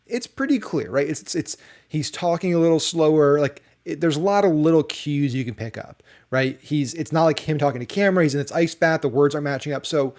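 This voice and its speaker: A man's voice: fairly high pitch, lively intonation, brisk, darkish tone. A man in the role of a marketing educator, giving casual talking-head commentary and often checking in with rhetorical questions. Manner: conversational, leans on rhetorical "right?" checks.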